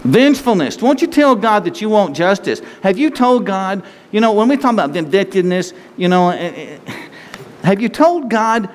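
A pastor preaching a sermon in a conversational way, full of rhetorical questions. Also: male voice, high-pitched, big pitch swings, moderate pace. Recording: long reverb hall, faint noise.

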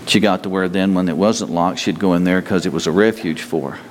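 A man preaching a sermon to a congregation, telling stories in an animated way and moving between loud bursts and quieter stretches. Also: low voice, fairly quick, a little hiss or hum. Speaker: pastor. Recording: long hall reverb.

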